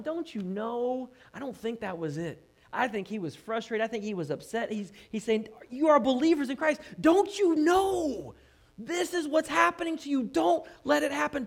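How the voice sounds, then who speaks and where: A man preaching a sermon, who reads scripture aloud and asks his listeners questions, at times rising to impassioned shouts and then dropping to quiet emphasis. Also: on the high side. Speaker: pastor.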